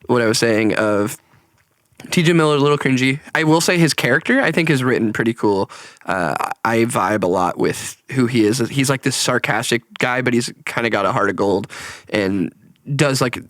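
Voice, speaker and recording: A man's voice: medium pitch, animated, moderate pace, a bit bright, no echo, studio quality. A young man co-hosting a casual podcast, laughing often, swearing and acting out movie lines as he reviews films. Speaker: podcast co-host. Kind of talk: casual chat.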